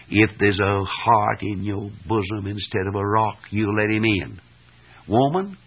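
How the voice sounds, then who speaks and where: A man preaching a fervent revival sermon, exhorting his listeners, swelling loud and dropping soft. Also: on the low side, husky. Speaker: evangelist preacher. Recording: tinny old archive sermon recording.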